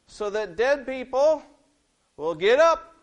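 A man giving a Bible lesson to children, gently asking them questions and explaining the verses. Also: very high-pitched, sing-song, slow. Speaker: Sunday school teacher.

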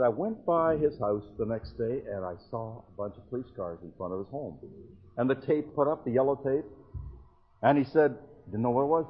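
Husky-voiced preacher telling stories. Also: male voice, mid-range voice, narrow, tinny audio. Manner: earnest storytelling with retold dialogue. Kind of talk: evangelistic sermon.

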